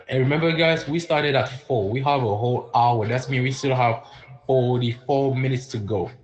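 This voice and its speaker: A man's voice: medium pitch, poor audio. Chatty man teaching French live. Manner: repeats words slowly and clearly, chatty, reacts to viewer comments. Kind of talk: live-streamed language lesson.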